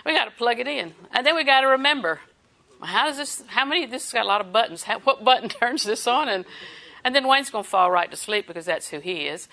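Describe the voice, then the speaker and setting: A woman's voice: fairly high pitch, animated, fast, sharp tone. An older woman preaching a sermon in a folksy, chatty way, laughing often.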